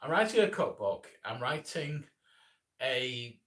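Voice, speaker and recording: A man in his thirties chats on a live stream in a rambling, self-deprecating way, often starting his sentences over. His tone is bright and forceful. He sits some way back from the mic, so the sound is distant. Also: mid-range voice, big pitch swings, takes it slowly. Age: 30s. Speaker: animator and streamer. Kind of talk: casual live-stream chat.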